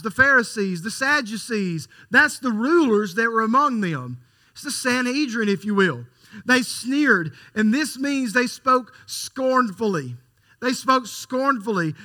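A man preaching a sermon, emphatic, repeating key lines for stress and swinging from quiet to loud. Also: extremely high pitch.

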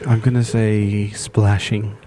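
A man's voice: lowish voice, flat delivery, slow pace, mellow, a little hiss or hum. A man co-hosting a casual comedy podcast, teasing and egging on his friends. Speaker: podcast co-host.

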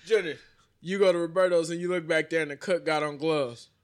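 Animated profane man in casual banter. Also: on the high side, quick pace, clear, resonant tone. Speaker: podcast co-host. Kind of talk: casual chat.

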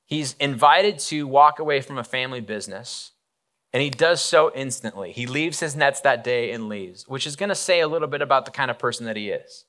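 Male pastor, bright, forceful voice, casual storytelling sermon. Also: mid-range voice, fairly quick. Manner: casual, animated, many fillers and asides.

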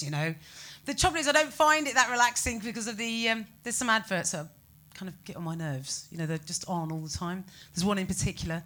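A British woman doing a stand-up set, animated and incredulous. Her voice sits a little low but rings bright and forceful. She builds rants with rising exclamations. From Britain. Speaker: stand-up comedian.

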